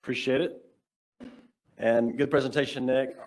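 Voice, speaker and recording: A man giving a measured, explanatory technical presentation on a video call, in casual phrasing. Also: medium pitch, fairly even intonation, darkish tone. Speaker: workshop presenter.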